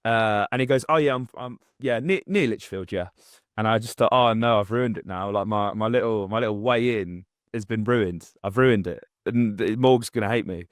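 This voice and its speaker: A young man rambles through a story with lots of restarts and fillers. His voice sits fairly low. The recording is dry and close, with no room sound. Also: steady tone, moderate pace, dry recording. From English Midlands. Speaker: podcast co-host. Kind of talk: casual chat.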